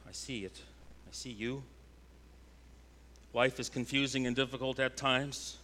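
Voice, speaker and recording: Bright-voiced impassioned male preacher. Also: mid-range voice, fairly even intonation, unhurried, a little hiss or hum. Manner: impassioned preaching, swinging between loud emphasis and hushed intensity. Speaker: pastor. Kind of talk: sermon.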